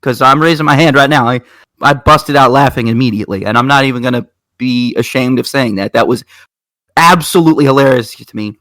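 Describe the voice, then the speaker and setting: Man, racing show co-host, casual rambling storyteller, mid pitch, dry close sound. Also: a little fast, no echo. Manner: rambling, animated storytelling with restarts. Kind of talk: casual chat.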